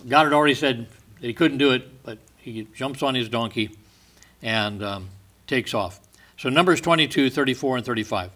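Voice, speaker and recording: A man's voice: mid-range voice, normal speed, bright, forceful tone. A man teaching from the Bible, reading verses with rising emphasis and retelling the stories in casual asides. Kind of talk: sermon.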